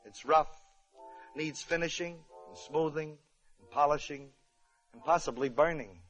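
A man hosting a radio show, telling a comic story with wry, deadpan asides. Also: a little high, measured pace. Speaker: comedian host. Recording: muffled old radio broadcast with band music.

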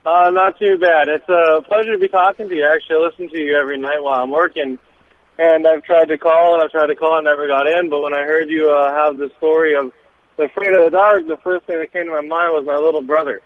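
A man's voice: on the high side, fairly even intonation, fast, no echo. A man from Washington calling into a radio show from his tractor, speaking plainly and hesitantly. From Washington state. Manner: plain-spoken, hesitant with fillers. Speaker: caller. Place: tractor cab. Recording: phone line from a tractor.

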